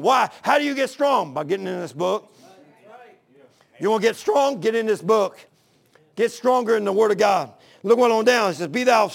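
A man's voice: high-pitched, creaky. A man preaching a sermon in a folksy, fervent manner, mixing plain everyday talk with scripture reading.

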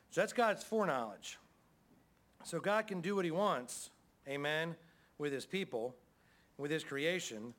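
Middle-aged male pastor, folksy conversational sermon, fairly high voice, amen after amen. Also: animated, a little slow, pauses often, a bit bright.

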